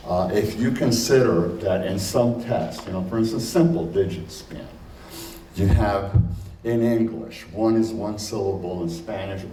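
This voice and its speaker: A man giving a conversational conference lecture, full of fillers and slowing to stress points. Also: low voice, dark tone. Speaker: conference speaker. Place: conference hall. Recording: roomy hall, distant mic, faint noise.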